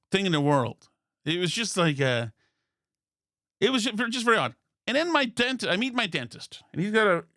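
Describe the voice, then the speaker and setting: A man from Massachusetts hosting a podcast, telling a long comic story in a rambling, deadpan way with incredulous asides. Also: sits high, no echo, studio quality. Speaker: podcast host. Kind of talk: comedic storytelling monologue.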